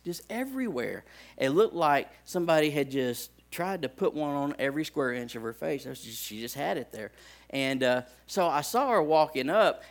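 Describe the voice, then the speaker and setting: A man, a pastor preaching a sermon in a folksy storytelling way in a church. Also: a little high. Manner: folksy storytelling, animated when acting out scenes. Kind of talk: sermon with personal stories.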